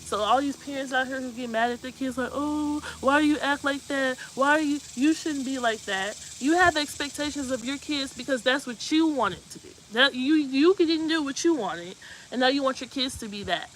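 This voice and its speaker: Earnest higher-voiced woman hosting a live talk. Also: brisk, fairly bright tone, a little hiss or hum, low-quality recording. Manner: earnest and emotional, repeating "you know what I mean". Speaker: host. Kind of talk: live talk-show monologue giving heartfelt advice.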